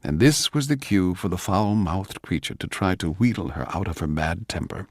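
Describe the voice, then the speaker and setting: Low-voiced man narrating with theatrical swings. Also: big pitch swings, slightly rough, no echo, clean studio sound. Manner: measured, urbane, theatrical. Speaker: actor reading as narrator. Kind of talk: scripted dramatic narration.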